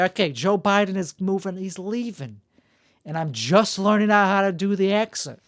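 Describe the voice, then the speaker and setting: Male solo host, gravelly voice, rambling and self-deprecating, dry close sound. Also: sits high, lively intonation, normal speed, fairly bright tone, no echo. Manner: self-mocking and jokey, full of restarts. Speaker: podcast host.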